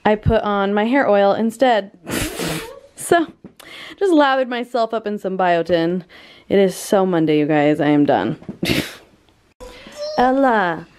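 A woman's voice: medium pitch, lively intonation, takes it slowly, pauses often, a little mellow, clear, resonant tone. A young woman in her late teens vlogging in a chatty, giggly way to her viewers, slightly out of breath. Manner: chatty, giggly, addresses viewers as you guys. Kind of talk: casual chat to camera.

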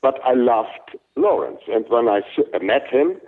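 Older man, German accent, lively up-and-down pitch, fillers and restarts, thin phone-like sound. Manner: halting, many fillers and restarts, lively emphasis. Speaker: interviewed actor. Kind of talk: casual interview talk.

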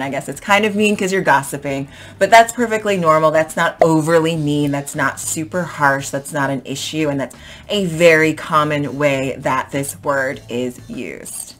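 A woman's voice: deep voice, measured pace, fairly bright tone, faint music behind. A young woman teaching English vocabulary in a casual, chatty way, acting out example sentences with plenty of "um"s. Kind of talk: casual explanatory vocabulary lesson.

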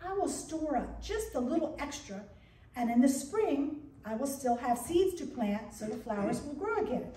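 A woman's voice: high voice, animated, normal speed, dark tone. Humble little mouse asking sweetly, lady reading it aloud, far off in a big room. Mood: eager. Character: small, eager, humble little male mouse. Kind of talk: storybook read-aloud. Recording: echoey church from a distance.

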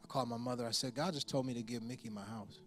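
A pastor in his forties delivering a sermon, telling a personal story with lively impressions of the people in it. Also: mid-range voice, racing, soft background music. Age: 40s. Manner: storytelling with animated impressions and laughter.

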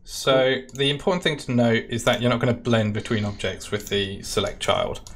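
A man's voice: medium pitch, moderate pace, fairly bright tone, slight background noise. Casual British man walking through a demo. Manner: casual, talks through steps while clicking. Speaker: product specialist demoing software. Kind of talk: live-stream software tutorial Q&A.

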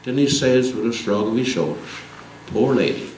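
A man giving a lively comic recitation at a community concert. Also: medium pitch, moderate pace, a little hiss or hum. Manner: lively storytelling. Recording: echoey hall, mic far off.

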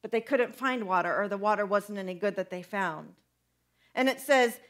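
Young woman pastor, fairly high voice, chatty sermon, keeps asking the crowd stuff. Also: moderate pace. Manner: conversational, animated, asks the congregation questions.

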